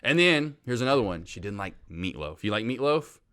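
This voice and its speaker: A Southern-raised podcast co-host talks quickly in loose casual chat. His voice rises and falls a lot, jumping from loud bursts to quiet asides, and he laughs easily. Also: medium pitch, clean tone. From American South. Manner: animated, laughs often, swings loud and soft.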